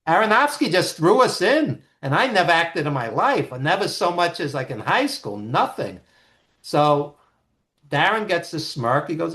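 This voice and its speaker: A man, a guest on an interview show, telling stories in an animated, emphatic way with frequent restarts. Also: sits high, normal speed. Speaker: guest, author and producer. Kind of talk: storytelling interview talk.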